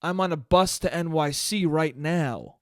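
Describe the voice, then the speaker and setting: A young man hosting a solo podcast, telling a story in a profane, animated way and breaking into laughter. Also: fairly high pitch, measured pace, noisy background. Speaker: podcast host. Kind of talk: casual solo podcast monologue.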